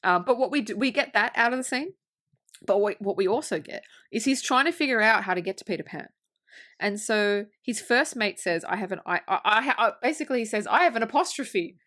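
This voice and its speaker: A woman co-hosting a casual movie podcast, retelling scenes with lively acted-out lines, laughter and swearing. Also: medium pitch, brisk. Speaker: podcast co-host. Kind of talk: casual film review chat.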